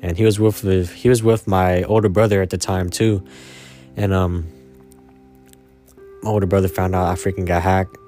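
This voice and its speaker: A man's voice: deep voice, a little mellow. A man in his twenties telling a personal story casually, rambling and slangy, with lots of fillers. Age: 20s. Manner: rambling and slangy, full of "man" and "you know".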